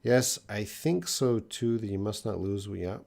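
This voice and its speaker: A man's voice: lowish voice, measured pace, vocal fry, darkish tone. A man teaching English on a live stream, reading viewers' questions aloud and answering them plainly, thinking aloud with fillers and hedges.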